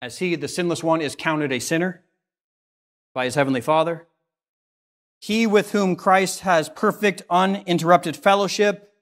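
Speaking a little slowly, an earnest Canadian pastor delivers a sermon in a church sanctuary. Questions lift his voice upward, while solemn moments bring it down low and soft.

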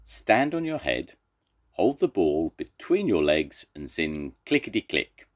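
A man's voice: deep voice, very animated, unhurried, exaggerated voice. An older man voicing a playful, boastful crocodile with a bouncy, coaxing way of talking, in a children's storybook reading.

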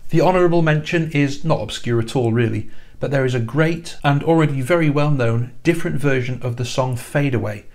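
A man, a musician narrating a casual countdown video to camera as an enthusiastic fan, with dry asides. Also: medium pitch. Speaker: music YouTuber and band musician.

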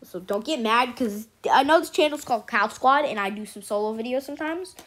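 A woman hosts a gaming channel, giving casual, excitable let's-play commentary, chatty and cheering at her wins. Her voice is fairly high and a little fast.

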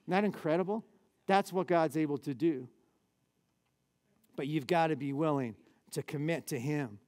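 A man, a pastor, preaching a lively sermon in a church with casual, conversational asides. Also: fairly high pitch, normal speed.

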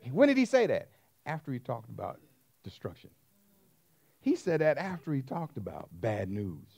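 A man preaching a sermon as pastor, emphatic, swinging between hushed asides and loud stressed words. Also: mid-range voice, wildly swooping pitch, moderate pace, gravelly, breathy edge.

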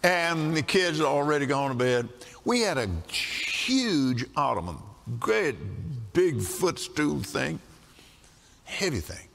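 An older man preaching in a folksy storytelling way, breaking into chuckles as he goes. His voice is bright and gravelly, with a lively, swooping pitch. A long hall reverb trails his words. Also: slow. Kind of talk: sermon.

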